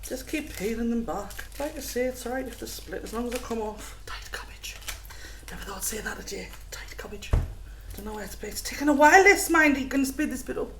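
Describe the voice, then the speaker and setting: A woman's voice: a little high, lively intonation, fast, few pauses. A woman hosting a casual home cooking vlog, chatty and self-mocking with frequent giggles. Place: home kitchen. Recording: echoey room, noisy background.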